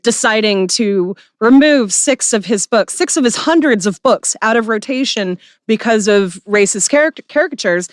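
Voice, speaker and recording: A woman co-hosting a podcast in casual chat, blunt and quick to swear. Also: a little high, lively intonation, dry recording, studio quality. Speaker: podcast co-host.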